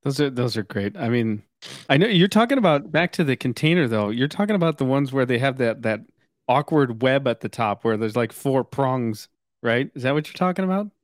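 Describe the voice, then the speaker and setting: Man, podcast guest, relaxed, mid-pitched, dry recording. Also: a little fast, dry recording. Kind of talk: casual chat.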